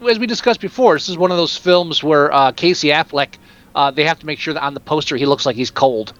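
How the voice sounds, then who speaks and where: A man's voice: fairly high pitch, fairly quick, fairly bright tone, lo-fi sound. A man co-hosting a casual film chat podcast, wry and teasing. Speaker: podcast co-host.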